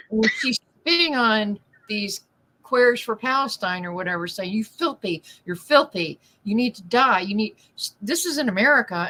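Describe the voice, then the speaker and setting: A woman co-hosting a casual chat podcast, emphatic and quick to agree. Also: on the high side, bright, forceful tone, low-quality recording. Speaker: podcast co-host.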